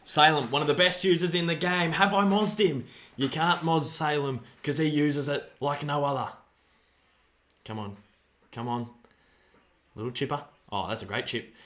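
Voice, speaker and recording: An Australian man giving live fan commentary on a football match, excitable, shouting player names and dropping to mutters. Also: a little high, normal speed, pauses often. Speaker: fan streamer.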